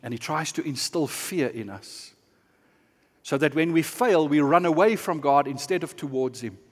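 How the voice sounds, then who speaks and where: A man with a high voice preaches a sermon, earnest and impassioned at times, hushed at others. His words ring out with a long hall reverb. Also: normal speed. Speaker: pastor.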